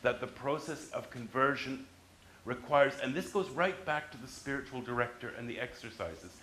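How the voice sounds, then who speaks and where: A man's voice: mid-range voice, moderate pace, pushed and bright, slight background noise. Man lecturing in a roomy hall. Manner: emphatic with frequent restarts. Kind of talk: university lecture.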